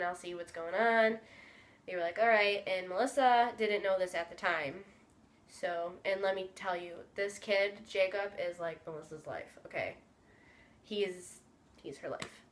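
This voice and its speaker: Chatty young woman telling a story. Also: mid-range voice. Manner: chatty, excitable, many fillers. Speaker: vlogger. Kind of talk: casual storytelling.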